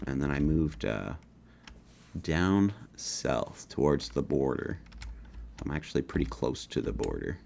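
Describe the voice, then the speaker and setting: A low, gravelly man with a slight northern Canadian accent walks through his own video game in a relaxed, upbeat way. His pitch swings widely as he points things out, and faint keyboard clicks sit behind him. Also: unhurried, slight background noise. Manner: casual, upbeat, folksy asides like "baby". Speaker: game developer showing his game. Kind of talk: gameplay walkthrough commentary.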